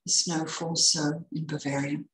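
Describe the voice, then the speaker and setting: A woman voicing a weak wounded male soldier who murmurs quietly. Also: deep voice, level tone, measured pace, roomy sound, a little hiss or hum, rough recording. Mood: tender.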